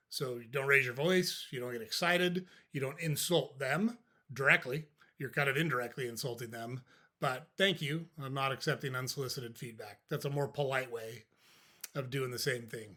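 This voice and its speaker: Bright-voiced older man giving dry advice. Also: mid-range voice, a little fast. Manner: conversational, dry, acts out sample replies. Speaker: podcast host. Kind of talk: casual advice talk.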